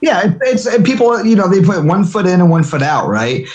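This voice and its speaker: A man's voice: high-pitched, sing-song, fairly quick, darkish tone, muffled recording, slight background noise. A man hosting a live audio chat, ranting heatedly with constant swearing. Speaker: host of an audio chat room.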